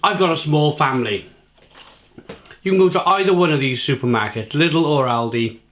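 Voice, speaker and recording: A man's voice: fairly high pitch, normal speed, fairly bright tone. A British man in his thirties chatting casually to camera as a food reviewer, repeating himself and talking while he eats.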